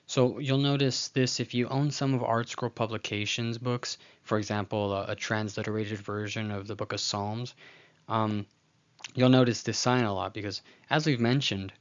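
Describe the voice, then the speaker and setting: Patient man teaching pronunciation, low voice. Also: dull audio. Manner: patient, repeats words slowly to model pronunciation; uses frequent fillers and restarts. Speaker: language teacher. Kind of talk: recorded lesson explaining slides.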